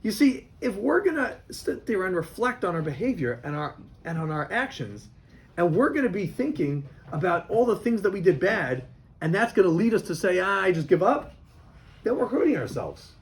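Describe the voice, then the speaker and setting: A man's voice: high-pitched, big pitch swings, moderate pace. A man, a rabbi, teaching a class of boys and telling them a story, often repeating himself.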